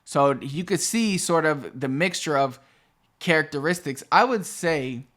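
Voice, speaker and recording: A man's voice: a little high, animated, a little slow, a bit bright. A man with a Caribbean Spanish accent, Puerto Rican with a Dominican cadence, giving a casual, chatty language lesson that switches between English and Spanish to demonstrate pronunciation. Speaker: Spanish teacher.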